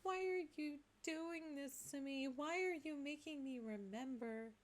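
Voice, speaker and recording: A woman's voice: sits high, a little slow. A woman voicing a weepy, grieving young girl sprite who is half dog and wails boo-hoo. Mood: weepy, distraught. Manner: sobbing, wailing boo-hoos.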